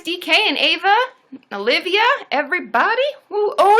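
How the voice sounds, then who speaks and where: A woman therapist chatting on a live stream in a high, animated voice. She is loud and excitable and keeps breaking into cheers. Her tone is bright and forceful. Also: normal speed. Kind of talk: casual live-stream chat.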